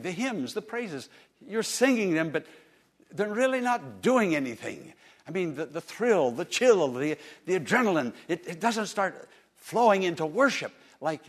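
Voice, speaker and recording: A man with a fairly high voice preaches a sermon to his congregation. His delivery is impassioned. He swings between loud declarations and quieter, intimate passages and often repeats words as he builds. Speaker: pastor. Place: church service.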